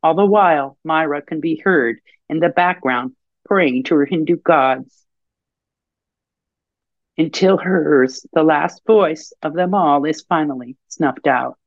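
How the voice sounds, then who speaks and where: A woman podcast host and author reading her own fiction aloud in a measured storytelling voice. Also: deep voice, no room sound, highs cut off.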